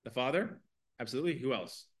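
A man's voice: medium pitch, animated, fast. A man teaching an evening Bible class, reading scripture and explaining it earnestly, asking his class questions.

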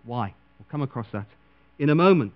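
A man preaching a sermon dramatically, acting out the people he quotes with big leaps in pitch and loudness. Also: animated, a little fast. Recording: dull lo-fi recording with mains hum.

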